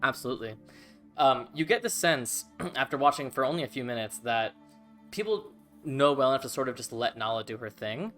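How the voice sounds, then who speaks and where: Bright-voiced man as game master. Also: mid-range voice, fairly quick, soft background music. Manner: relaxed, casual, filler-heavy. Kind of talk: narrating a tabletop game.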